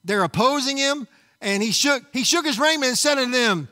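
Emphatic high-voiced preaching man. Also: a little fast, sharp tone, big-room sound. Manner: emphatic preaching with frequent calls to the congregation. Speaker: pastor. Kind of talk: sermon. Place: church sanctuary.

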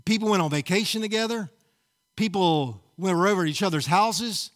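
A man's voice: sits high, moderate pace, long reverb tail. A man preaching a sermon as pastor, emphatic and often calling out to the congregation. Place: church sanctuary.

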